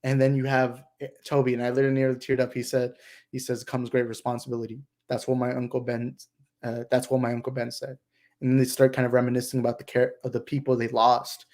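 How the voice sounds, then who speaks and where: A young adult man hosting a casual movie discussion livestream, excited and rambling, with lots of fillers. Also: medium pitch, quick pace. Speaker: channel host.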